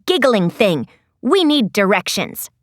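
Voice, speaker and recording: A woman's voice: medium pitch, sing-song, a little slow, dry recording, studio quality, pitched below the performer's own voice. A woman reading an audiobook, voicing an imperious, bossy teenage princess who talks in clipped, haughty commands. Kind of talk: audiobook character voice.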